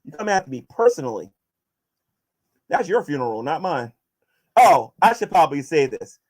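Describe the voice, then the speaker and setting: A man answers viewer questions in a casual vlog and turns combative toward his critics, stumbling into restarts as he pushes his points. His voice sits somewhat high and moves around a great deal. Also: sing-song, brisk, darkish tone. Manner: combative, addressing critics directly, many restarts.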